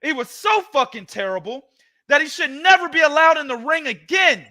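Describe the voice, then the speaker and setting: A man hosting a boxing podcast, giving heated, profane, loud ranting commentary. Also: very high voice, animated, moderate pace.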